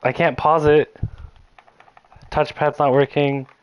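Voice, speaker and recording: A young man casually commentating a game, excitable and swearing, talking to himself at home. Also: fairly high pitch, slow pace, smooth, no room sound, lo-fi sound. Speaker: let's play host.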